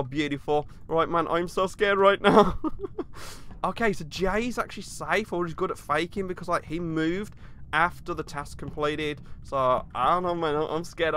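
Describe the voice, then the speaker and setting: Young guy narrating his game, kinda high voice, gets all panicky and jumpy. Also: fairly bright tone, clear, resonant tone. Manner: jumpy and nervous, frequent panicked outbursts. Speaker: gaming YouTuber. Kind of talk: live gameplay commentary.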